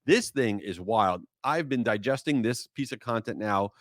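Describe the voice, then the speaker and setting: Animated, exasperated male podcast host. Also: fairly low pitch, normal speed, dry recording, studio quality. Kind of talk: solo podcast monologue.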